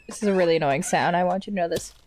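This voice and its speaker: A woman's voice: on the low side, racing, darkish tone, a little hiss or hum. Woman streamer joking through a game. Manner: reads and translates game text aloud, swears, jokes. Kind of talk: casual let's play commentary. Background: faint game music.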